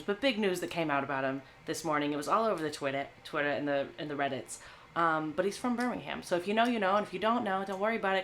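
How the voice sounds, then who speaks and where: A woman's voice: on the low side, a little hiss or hum. A woman hosting a live movie stream, talking to her chat in a playful, chatty way.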